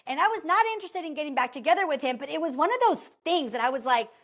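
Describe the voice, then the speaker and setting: A woman in her thirties hosting a podcast, telling a personal story in a casual motivational monologue, chatty and animated, peppered with "like" and "okay?". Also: high voice, rapid-fire. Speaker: podcast host.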